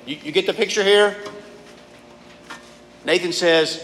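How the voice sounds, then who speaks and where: A man's voice: high voice, measured pace. A man preaching a conversational sermon, reading scripture and talking informally to a youth group. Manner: casual, animated preaching, often addresses listeners as "guys". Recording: reverberant hall with faint background noise.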